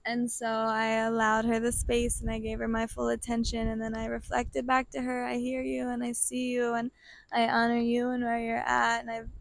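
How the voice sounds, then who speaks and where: A woman telling a deeply personal story in a slow, earnest, heartfelt way, breaking into soft laughs now and then. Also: completely flat delivery, gravelly. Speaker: vlogger sharing a personal story.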